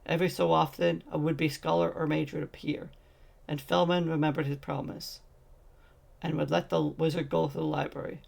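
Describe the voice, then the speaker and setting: A man's voice: on the high side, level tone, normal speed, creaky, darkish tone. A man narrating a fantasy short story as a fan audiobook, reading steadily with occasional slips.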